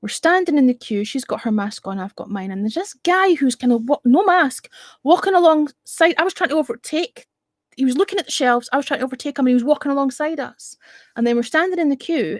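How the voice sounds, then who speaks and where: A woman's voice: high-pitched, animated, fast talker, dry recording, studio quality. A woman hosting a casual live-stream chat, blunt and outspoken and swearing freely.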